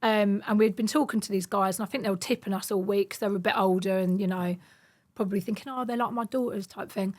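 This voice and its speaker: A woman in her thirties, a podcast guest, telling stories in a casual, animated way and acting out the voices in them. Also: mid-range voice, quick pace. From United Kingdom. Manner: animated, acts out quoted voices. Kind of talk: casual storytelling.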